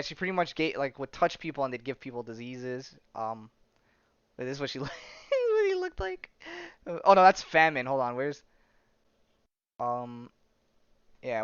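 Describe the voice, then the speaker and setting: Rambling man with a smooth voice. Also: medium pitch, fairly bright tone, no echo. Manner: rambling, many fillers and restarts, swears. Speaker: podcast host. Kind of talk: casual chat retelling comics. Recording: dull lo-fi sound.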